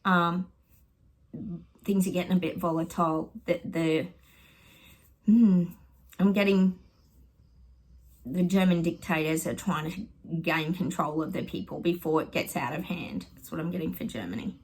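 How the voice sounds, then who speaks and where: A woman's voice: lowish voice, fairly even intonation, a little slow, long pauses, a little mellow, breathy edge, low-quality recording. A middle-aged Australian woman chatting casually to her viewers at home, rambling with lots of ums and friendly asides. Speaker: psychic vlogger.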